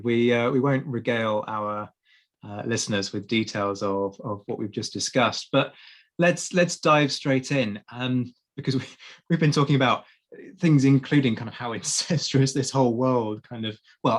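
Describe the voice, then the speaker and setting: A man hosting a history podcast, talking in an enthusiastic, chatty way with frequent restarts. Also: medium pitch. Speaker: podcast host. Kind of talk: casual podcast chat.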